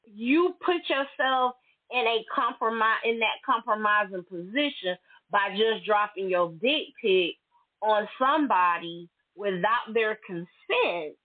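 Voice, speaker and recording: A woman hosting a solo podcast, venting bluntly and emphatically in casual, profane talk. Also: medium pitch. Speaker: podcast host. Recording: tinny phone-like audio.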